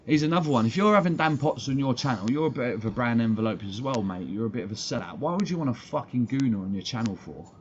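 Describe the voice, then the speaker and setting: An Englishman rants bluntly on a live fan stream, swearing and picking fights. His mid-range voice has lively intonation, and he talks fast with hardly a pause. The stream audio is dull and lo-fi with faint background noise.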